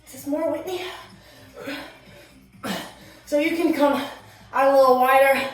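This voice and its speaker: A woman instructor coaching a workout, energetic, counting down reps and chatting between moves, out of breath. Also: high voice, unhurried. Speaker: fitness instructor. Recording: roomy echo, distant mic, music behind.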